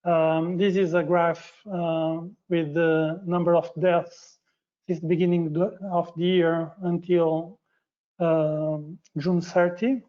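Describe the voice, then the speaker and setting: Portuguese-accented man, non-native English speaker, webinar presenter; flat and hesitant, lo-fi call audio. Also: fairly high pitch. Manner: halting, frequent fillers and self-corrections. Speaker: guest speaker.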